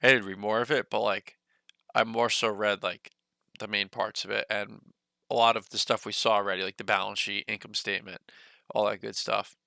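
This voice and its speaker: Young guy rambling on his stock livestream, bright clean voice, kinda winded. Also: on the low side, flat delivery, moderate pace, creaky, no room sound. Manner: rambling, loose talk full of "like" and "you know". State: a bit out of breath. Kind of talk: casual livestream commentary.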